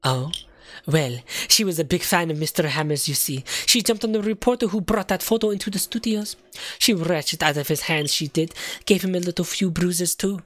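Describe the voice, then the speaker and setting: A man voicing a cold, scheming female director villain in a video game, speaking slowly and menacingly in a lowered voice. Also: fairly bright tone, no echo.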